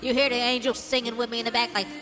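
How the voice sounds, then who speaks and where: A man voicing a gentle female guardian angel who speaks softly and reassuringly over a music beat. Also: extremely high pitch, flat delivery, racing, long reverb tail, voice pushed up. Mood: soothing.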